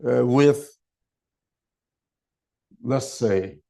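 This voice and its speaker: An older man giving a town hall speech in slow, deliberate oratory with emphatic pauses. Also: medium pitch, gravelly, dark tone. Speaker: political speaker.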